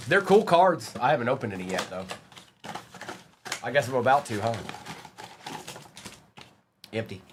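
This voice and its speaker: Lively, excitable man streaming card breaks. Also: medium pitch, unhurried, pauses often, noisy background. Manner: excitable, chatty, calls out player names as he opens packs. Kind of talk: casual live-stream chat.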